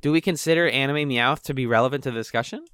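A man's voice: mid-range voice, very fast, smooth, no echo, clean studio sound. A man co-hosting a casual podcast, joking and swearing freely, with a slight lisp. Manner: jokey, profane, reacts loudly. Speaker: podcast co-host. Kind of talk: casual chat.

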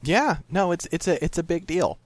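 Lively joking podcast host man. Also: on the high side, normal speed, dry recording. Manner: animated, joking, swears casually. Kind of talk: casual podcast chat.

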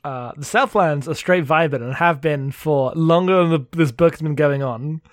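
A man's voice: fairly high pitch, normal speed, no room sound, clean studio sound. A man co-hosting a casual book chat, laughing and swearing freely. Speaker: podcast co-host.

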